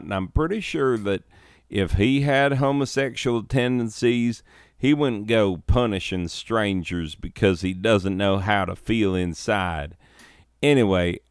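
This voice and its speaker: A man's voice: on the low side, smooth, no room sound, clean studio sound. A man voicing an awkward, apologetic redneck with a light put-on Southern twang. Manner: drawling, folksy.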